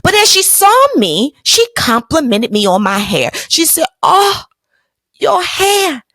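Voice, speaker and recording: A woman hosts a motivational podcast and tells her own story with a high, lively voice that climbs and drops a lot. She talks in an emphatic, colloquial way and speaks straight to her listeners. The sound is dry and close. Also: normal speed, no room sound. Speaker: podcast host.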